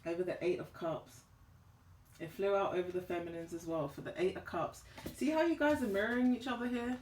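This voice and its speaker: A woman's voice: medium pitch, slight background noise. Emphatic woman reading tarot, roomy echo. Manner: emphatic, animated, slangy. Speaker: tarot reader.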